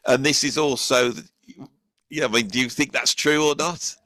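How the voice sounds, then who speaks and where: British man, fifties, podcast host, halting and rambling, bright tone, dry sound. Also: medium pitch, fairly even intonation, no echo. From England. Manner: rambling, halting, many restarts. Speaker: host, drummer and music teacher. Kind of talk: casual podcast conversation.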